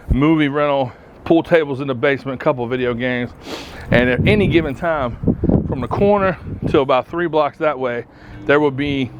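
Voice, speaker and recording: A man telling profane, animated stories as a podcast host while walking outdoors through his hometown. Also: medium pitch, muffled recording, slight background noise. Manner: profane, animated storyteller who acts out quoted voices. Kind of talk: casual storytelling on a walking tour. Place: outdoors on a town street.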